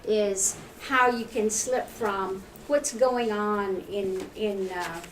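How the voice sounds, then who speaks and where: A woman speaks on a panel in a thoughtful, halting way, restarting her phrases. Her voice carries from a distance through an echoey room. A clear hiss sits behind her. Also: medium pitch. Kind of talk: casual panel discussion. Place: lecture room at a library event.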